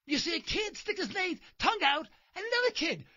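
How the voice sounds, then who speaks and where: Sarcastic high-voiced man on talk radio. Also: a little fast, few pauses, dull audio. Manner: sarcastic, mocking, animated. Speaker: radio host. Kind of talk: satirical talk radio monologue. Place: in a car while driving.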